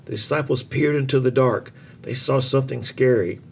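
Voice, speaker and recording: A man reading a children's Bible story aloud in an expressive, lively way. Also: mid-range voice, normal speed, vocal fry, slight background noise.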